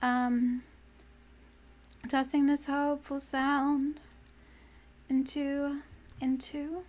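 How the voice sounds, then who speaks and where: A young woman with a high voice chats on a live stream as she writes lyrics. She speaks slowly, trying phrases again and again and trailing off as she searches for the right word. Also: flat delivery, darkish tone. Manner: muses aloud, repeating phrases to find words; often laughs and trails off mid-thought. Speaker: streamer writing song lyrics. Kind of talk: casual live-stream chat.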